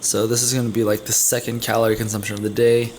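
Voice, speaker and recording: A man's voice: fairly low pitch, level tone, quick pace, darkish tone, a little hiss or hum. A young man casually narrating his day's food while making coffee at home, chatty and rambling, often correcting himself. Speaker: vlogger. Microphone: camera mic.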